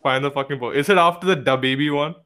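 A man's voice: on the high side, fast talker, pushed and bright. A young man co-hosting a podcast in a casual chat, blunt, joking and profane. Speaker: podcast co-host.

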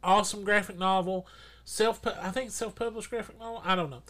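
A man's voice: high-pitched, steady tone, brisk, a bit bright. A man hosting a casual podcast, talking in a rambling, chatty way and laughing often. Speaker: podcast host.

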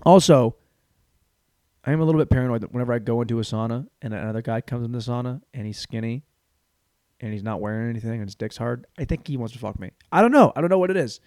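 A podcast host with a medium-pitched, slightly mellow voice talks at a quick pace, recorded clean on a stand-mounted studio mic with no echo. His comedic monologue rambles crudely, his words tumbling together in cluttered speech as he laughs at his own jokes.

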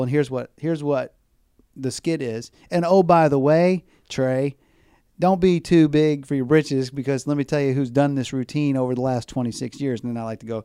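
A man's voice: mid-range voice, moderate pace, smooth, no echo, clean studio sound. A middle-aged man, a baseball mascot performer, telling stories in an interview and acting out the voices of the people in them. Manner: animated storyteller who acts out quoted voices. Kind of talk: storytelling interview chat.

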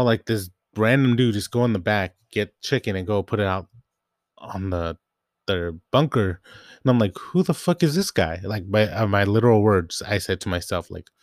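A young man tells a long, rambling story from his store job, slipping into his coworkers' voices as he goes. His voice sits a little low, and the sound is dry and close with no room echo. He leans on "like" and loose asides. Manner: rambling, quotes coworkers, frequent "like". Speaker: grocery store worker. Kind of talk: casual storytelling rant.

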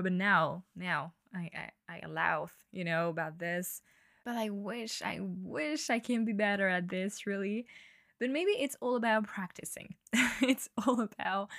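Slow-talking young woman, dry close sound. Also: medium pitch, a bit bright, dry recording. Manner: slow, breathy-edged, laughing and swearing freely. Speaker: podcast host. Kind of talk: casual solo podcast monologue.

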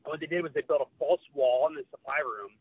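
A man's voice: on the high side, fast talker, slightly rough, dry recording. A man co-hosting a casual movie podcast, enthusiastic and joking as he breaks down plots. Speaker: podcast co-host. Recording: thin phone-like sound, dry.

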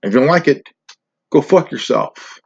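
A man's voice: mid-range voice, expressive, moderate pace, vocal fry, darkish tone, breathy edge, highs cut off. A man hosting a podcast in a crude, rambling monologue, swearing, ranting and stumbling over his words. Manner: profane, ranting, stumbling restarts. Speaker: podcast host.

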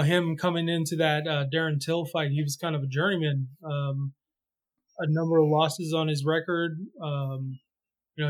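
A man with a slightly raised pitch talks through his picks on a casual sports podcast. He rambles, restarts his sentences and fills the gaps with "uh" and "you know.". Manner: relaxed, rambling with many fillers and restarts. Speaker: podcast co-host.

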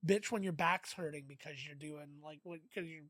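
Guy co-hosting a movie commentary, kinda high voice, rambles and swears a lot, dry close sound. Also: normal speed, fairly bright tone, no room sound. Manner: rambling anecdotes, frequent swearing and fillers. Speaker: podcast co-host. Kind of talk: casual movie commentary chat.

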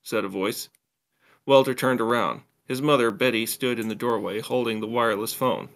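A man reading a story aloud, plain and steady, now and then stumbling and restarting a phrase. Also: medium pitch, moderate pace, creaky. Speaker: story reader.

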